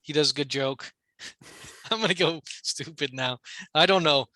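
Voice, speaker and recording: A man's voice: on the high side, a little slow, pushed and bright, no room sound. A man co-hosting a podcast in casual chat, rambling and hesitant, with lots of restarts and casual swearing. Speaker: podcast co-host.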